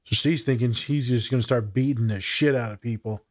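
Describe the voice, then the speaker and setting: A man's voice: mid-range voice, fairly quick. A man co-hosting a casual discussion, speaking bluntly and candidly, swearing freely and thinking aloud with fillers and restarts. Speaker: podcast co-host.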